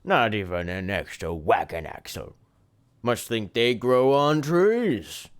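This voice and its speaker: A man's voice: medium pitch, expressive, slow pace, clean tone. A man voicing a chatty adult male frontier townsman in a folksy put-on accent that slips partway. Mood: gossipy.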